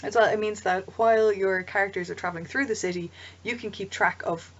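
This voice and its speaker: A woman's voice: medium pitch, steady tone, brisk. A woman giving casual, chatty advice to game masters, rambling into asides with plenty of ums. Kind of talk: casual explanatory vlog. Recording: dull lo-fi home recording.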